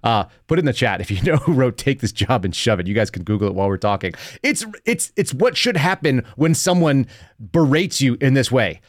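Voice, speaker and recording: A man's voice: mid-range voice, big pitch swings, brisk, no room sound, clean studio sound. A man in his thirties hosting an opinionated podcast, mocking and laughing often as he rants. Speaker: podcast host.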